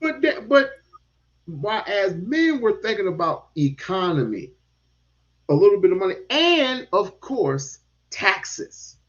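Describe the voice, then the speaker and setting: A man talking politics in a casual chat, animated and given to repeating words and casual swearing. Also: high voice, slow pace. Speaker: podcast host. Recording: dull lo-fi sound.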